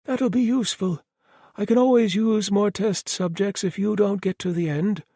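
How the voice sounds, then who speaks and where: A man's voice: high voice, steady tone, normal speed, dark tone, no echo, clean studio sound, voice pushed up. A man voicing a cheerful, polite, remorseless male murderer who sounds oddly reasonable, in an audiobook. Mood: cheerfully apologetic. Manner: chirpy, apologetic, oddly reasonable. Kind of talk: audiobook character voice.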